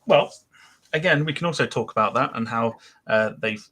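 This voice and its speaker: A man's voice: medium pitch, moderate pace, pushed and bright. A man co-hosting a casual aviation podcast, joking and laughing often as he reads out comments. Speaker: podcast co-host. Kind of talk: casual chat.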